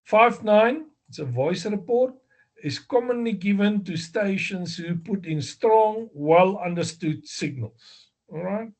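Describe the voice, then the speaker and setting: A man with a South African accent giving a slow, deliberate exam review lecture, explaining step by step with fillers and self-corrections. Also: sits high, lively intonation, a little mellow. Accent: South African English. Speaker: amateur radio exam instructor.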